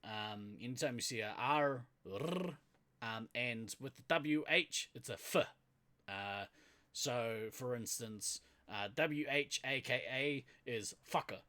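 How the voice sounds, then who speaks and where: A man with a New Zealand accent co-hosts a podcast in loose, casual chat. He talks at an average pitch, laughs often and fills his pauses with "um". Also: pushed and bright. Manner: laughs often, chatty and loose, trails off with fillers. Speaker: podcast co-host.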